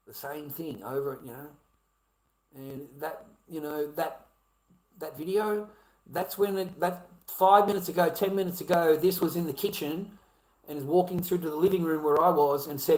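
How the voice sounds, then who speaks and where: Rambling Australian man, slightly high voice. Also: rough recording. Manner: rambling, repetitive, heavy swearing. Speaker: vlogger. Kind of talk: rambling monologue to camera.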